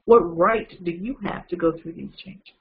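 A man's voice: high-pitched, moderate pace, phone-quality sound, a little hiss or hum. Conversational man preaching a story. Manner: lively, conversational retelling with asides. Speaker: preacher teaching a Bible lesson. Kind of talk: storytelling sermon.

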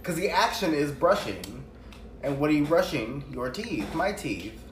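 Chatty guy with a lively, bouncing delivery, heard a bit off-mic in a noisy, echoey room. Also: on the high side, unhurried, distant mic. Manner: chatty, animated storytelling. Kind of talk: casual chat while doing makeup.

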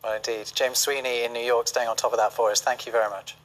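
A man's voice: mid-range voice, little pitch movement, fairly bright tone, poor audio. Man presenting the news. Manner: measured and formal. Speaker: news anchor.

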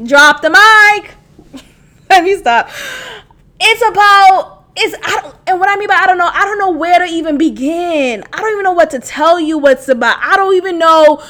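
A woman hosting a podcast in casual chat, animated and profane, laughing often and swinging from loud outbursts to quiet asides. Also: extremely high pitch, normal speed. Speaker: podcast host.

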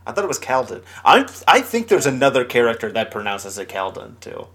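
A man's voice: mid-range voice, very animated, fairly quick, fairly bright tone. A man co-hosting a casual podcast chat, laughing often and hesitating with fillers. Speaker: podcast co-host.

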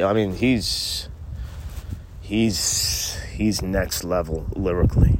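A man's voice: low-pitched, slow pace, slight background noise. A man hosting a comedic podcast, talking in a laid-back, rambling way. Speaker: podcast host. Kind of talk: comedic casual chat.

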